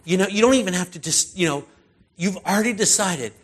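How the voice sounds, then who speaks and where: A man's voice: high-pitched, animated, a little fast. A middle-aged male pastor giving a sermon in a loose, conversational way, with many fillers and restarts.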